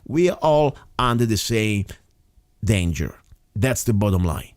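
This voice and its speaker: A man's voice: lowish voice, big pitch swings, unhurried, darkish tone, no room sound, clean studio sound. A man hosting a radio show, speaking English in an emphatic, rambling way. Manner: emphatic, rambling, non-native phrasing. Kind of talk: casual radio talk.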